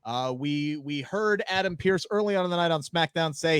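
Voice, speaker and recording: A man co-hosting a casual wrestling podcast, opinionated and animated, swearing freely into a close mic. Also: a little high, normal speed, clean tone, no echo. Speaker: podcast co-host.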